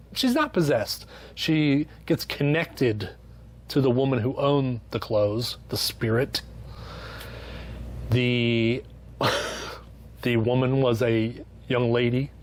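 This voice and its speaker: A man giving a casual, sarcastic book review, swearing freely and tossing in mock-voiced asides. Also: medium pitch. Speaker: book reviewer, channel host.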